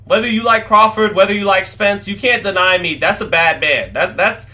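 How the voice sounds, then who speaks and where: A young man hosting a boxing show, reacting to clips for his livestream chat in an excitable, profane, casual way. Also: high-pitched, normal speed.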